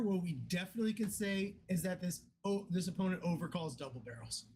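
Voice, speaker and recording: A man coaching poker in a blunt, profane, animated way. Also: high voice, fairly quick, a little hiss or hum. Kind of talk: casual coaching talk.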